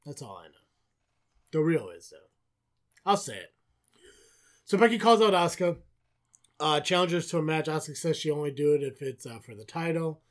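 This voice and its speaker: A man's voice: on the high side, lively intonation, fairly quick. A man co-hosting a podcast, recapping wrestling in casual chat, swearing often and sarcastic. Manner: profane, sarcastic, rambling. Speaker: podcast co-host.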